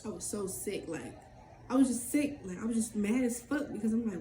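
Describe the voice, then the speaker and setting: A woman's voice: a little high, normal speed, creaky. Woman telling a story, echoey room. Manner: candid, swears freely, quotes others in animated bursts. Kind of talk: casual storytelling. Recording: echoey room with faint background noise.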